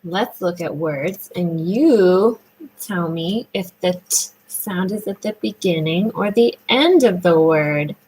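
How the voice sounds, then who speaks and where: A woman speech therapist leading a children's sound lesson, praising often and drawing out words slowly in a sing-song way. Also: lowish voice, darkish tone, slight background noise, low-quality recording.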